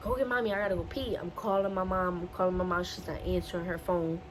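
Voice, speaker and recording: A woman's voice: fairly low pitch, fairly even intonation, fast, rough recording. Young woman vlogger, emotional personal storytelling, faint background noise. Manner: emotional, repetitive retelling. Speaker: beauty vlogger telling her story.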